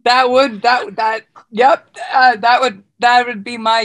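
A woman's voice: fairly high pitch, steady tone, unhurried, fairly bright tone. A woman from the United States co-hosting a podcast, talking enthusiastically and often repeating words. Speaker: podcast co-host. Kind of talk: casual chat.

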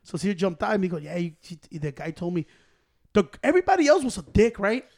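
A man with a high-pitched voice spins a rowdy, profane story among friends. He keeps dropping into Spanish and acts out every person he quotes. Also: fast talker, gravelly. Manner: profane, animated storytelling, switching into Spanish and acting out quoted people. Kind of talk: casual chat.

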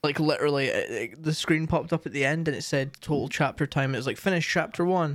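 A young man talks casually, wandering through his stories with constant fillers and false starts. His voice sits at an ordinary middle pitch and is recorded dry and close. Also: fast, a bit bright, no room sound. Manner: rambling, frequent fillers and restarts. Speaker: streamer and co-host. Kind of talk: casual chat.

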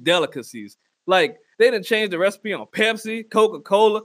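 A man's voice: high-pitched, expressive, moderate pace, few pauses, dry recording. A man on a crude comedic rant, bluntly giving mock advice to his listeners. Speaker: comedic ranter.

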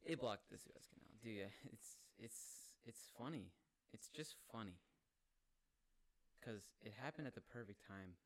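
A man's voice: lowish voice, animated, unhurried. A young man hosting a podcast, rambling in casual, crude banter. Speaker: podcast host.

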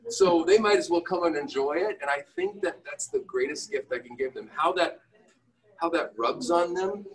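On the high side and at a normal speed, this man's voice comes through a distant mic with poor audio. He's a middle-aged entrepreneur and father sharing candid, self-deprecating stories in conversation, animated and quoting himself in raised voices.

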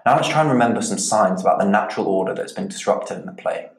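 Low-voiced male teacher in an echoey room. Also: lively intonation, gravelly. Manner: measured, explanatory, repeats key points. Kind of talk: literature lesson.

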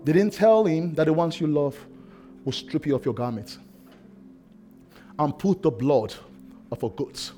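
A male pastor delivers an impassioned sermon in a notably high voice. He swings from shouted cries to hushed, quiet lines. Soft music plays faintly under him. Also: moderate pace, long pauses.

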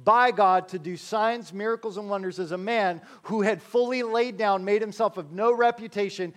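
High-voiced preacher joking with his congregation. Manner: conversational, joking asides with the congregation; slows to stress key phrases, then rattles along quickly. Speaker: pastor. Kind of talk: sermon.

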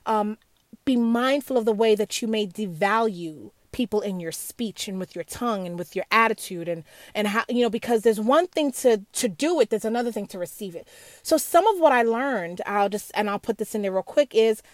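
A woman's voice: mid-range voice, expressive, normal speed, no echo. A middle-aged woman sharing a candid, earnest personal reflection on faith, emotional and full of restarts and asides.

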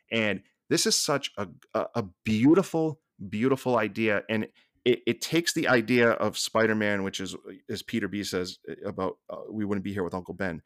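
A man with a Boston accent, a podcast guest talking with passion and many quick restarts. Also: fairly low pitch, no echo, studio quality. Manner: passionate, fast restarts and repeated words. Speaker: podcast guest, staff writer. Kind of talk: casual podcast chat.

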